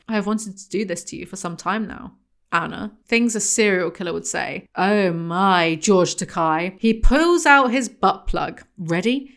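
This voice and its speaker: A woman's voice: on the low side, a little slow, fairly bright tone. A young woman reads a book aloud with open scorn. She keeps breaking off to mock it in a dry, sarcastic voice. The tone is a comic review, not a neutral reading. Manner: sarcastic, mocking asides between quoted passages.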